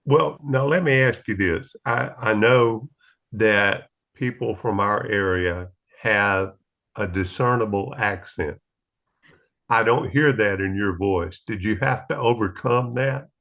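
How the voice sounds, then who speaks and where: A man from the Southern United States, interviewing a guest with slow, measured questions and small stumbles. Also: fairly low pitch, a bit bright.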